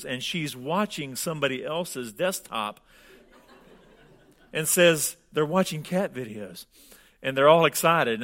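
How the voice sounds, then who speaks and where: Man, pastor, sermon, bright tense voice, conversational humorous storytelling. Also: medium pitch.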